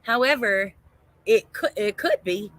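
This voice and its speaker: A woman's voice: medium pitch, lively intonation, unhurried, fairly bright tone, a little hiss or hum. A woman co-hosting a casual live-stream chat, frank and playful in her joking. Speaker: co-host.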